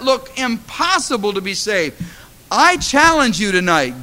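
A man's voice: high voice, big pitch swings, measured pace, pushed and bright. A middle-aged man, a pastor, delivering a sermon with impassioned storytelling that rises to fervent exhortation.

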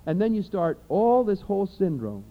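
A man preaching a sermon, lively and animated, acting out everyday scenes in different voices as he reads scripture. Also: sits high, normal speed. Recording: dull lo-fi recording.

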